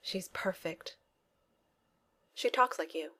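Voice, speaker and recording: A woman's voice: fairly low pitch, takes it slowly, sharp tone, heavily acted. A woman reading the lines of a snarky, confident male billionaire inventor in a fan fiction audiobook, wisecracking and flippant. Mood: wry.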